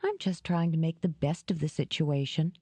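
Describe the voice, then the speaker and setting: A woman's voice: sits low, moderate pace, dark tone, breathy edge, no room sound. A woman reading an audiobook, voicing a playful young woman who talks in an eager, teasing way.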